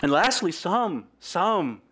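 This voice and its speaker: A young man preaching with earnest energy. His voice sits a bit high for a man, and it leaps up and drops down as he presses his points. He speeds up and slows down by turns. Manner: earnest, animated, with sudden swings in pitch and pace. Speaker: pastor. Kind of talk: sermon.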